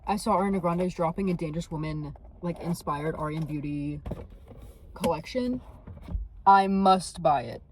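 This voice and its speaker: A woman's voice: lowish voice, moderate pace, background noise. Bubbly, gushing young woman vlogging. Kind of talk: casual vlog chat to camera. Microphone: phone camera.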